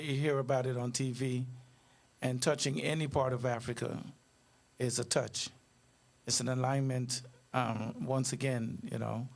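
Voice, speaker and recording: A man's voice: mid-range voice, vocal fry, darkish tone. A man in his late fifties, a guest speaking earnestly and reflectively in an interview. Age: 50s.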